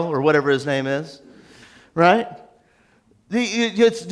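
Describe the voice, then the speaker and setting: A man with a fairly high voice delivers a sermon. His style is loose and conversational, full of jokes and asides to the congregation as he retells the story. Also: slow pace, pauses often. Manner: animated, joking, conversational storytelling. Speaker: pastor.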